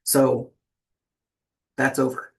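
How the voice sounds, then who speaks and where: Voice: medium pitch, completely flat delivery, very slow, creaky. Sixty-something tarot host rambling along, lots of ums and restarts, keeps saying right?. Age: 60s. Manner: restarts and filler-heavy. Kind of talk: casual spiritual talk to viewers.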